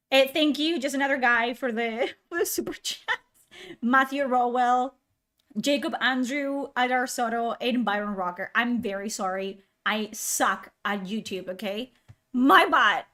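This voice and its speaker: A woman's voice: high voice, bright, forceful tone. A woman live streamer in casual chat, exasperated and swearing often.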